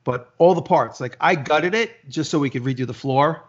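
A man, a podcast guest, telling stories in casual chat, animated and swearing freely. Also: fairly high pitch, normal speed. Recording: dull lo-fi recording.

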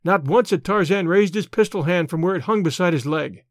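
A man narrating an audiobook adventure in a steady, clear storytelling delivery. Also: high-pitched, a little fast, dry recording, clean studio sound. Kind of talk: scripted narration.

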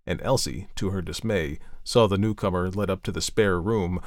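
A man reads an old-fashioned story aloud in a measured, steady manner. His voice is low, and the recording is dry, close and free of room sound. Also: no room sound. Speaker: audiobook narrator. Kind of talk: scripted narration.

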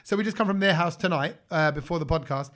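A man, telling stories as a podcast co-host in animated casual chat. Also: quick pace. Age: 40s or 50s. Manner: animated storyteller, rises high when excited.

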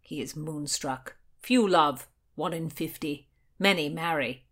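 A woman voicing a brash, boastful young Elizabethan gallant in a storybook reading, gruff and loud. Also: low-pitched, slow, full character voice. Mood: swaggering.

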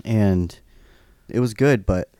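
A man's voice: on the low side, slow pace, warm tone, clear, resonant tone, dry recording. A man chatting casually on a podcast, laid-back, filling his talk with "like" and the odd swear word. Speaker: podcast co-host.

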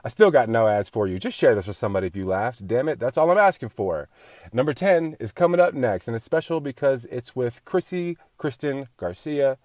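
A podcast host man talks loosely and jokes with his guest. His voice swings up and down a lot, sitting at a middle pitch, with casual swearing thrown in. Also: expressive, fairly quick, a little mellow, dry recording, clean studio sound. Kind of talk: casual interview chat.

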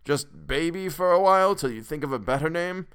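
Brief: a man playing a frail newborn who is really an old man, quavering and meek, slow and grudging, in a storybook reading. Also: on the high side, a bit bright, smooth, pitched above the performer's own voice. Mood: plaintive.

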